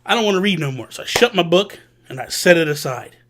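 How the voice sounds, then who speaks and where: A man hosting a vlog, telling a personal story in an animated, casual way with slang. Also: sits high, fast, noisy background. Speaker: vlog host. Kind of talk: storytelling to camera.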